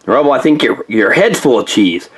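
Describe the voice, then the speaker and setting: A man voicing a clever, eager male inventor pup in a toy play-along story, insistent and excited. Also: mid-range voice, moderate pace, breathy edge, voice pushed down.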